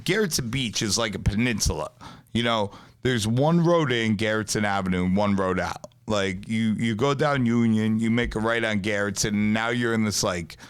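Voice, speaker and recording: A man with a New York accent telling a long story on a podcast in a casual, profane, animated way. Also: on the low side, clean tone. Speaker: pizzeria owner, podcast guest. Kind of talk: casual chat.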